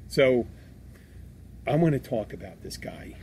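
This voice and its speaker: A man's voice: medium pitch, expressive, a little slow, darkish tone, a little hiss or hum. A man from Philadelphia co-hosting a podcast, talking casually and bluntly, with swearing and rambling restarts. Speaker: podcast co-host. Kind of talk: casual chat.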